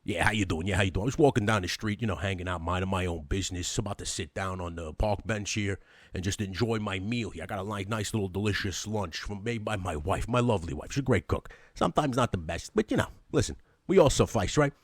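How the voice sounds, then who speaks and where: A man's voice: sits low, quick pace, no echo, studio quality. A man playing a chatty construction worker eyewitness who rambles and repeats himself. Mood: rambling.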